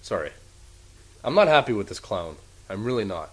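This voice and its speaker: A man's voice: medium pitch, sing-song, fairly quick, husky, low-quality recording. A man co-hosting a casual wrestling podcast, swearing freely and ranting with heat. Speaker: podcast co-host.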